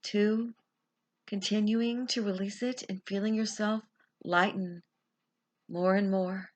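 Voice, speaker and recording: Woman gently leading a guided visualization. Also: medium pitch, steady tone, slow pace. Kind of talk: guided meditation.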